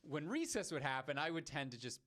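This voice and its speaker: A man co-hosting a podcast, telling a story in expressive casual chat. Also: on the high side, a little fast. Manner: expressive, breaks into laughter. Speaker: podcast co-host.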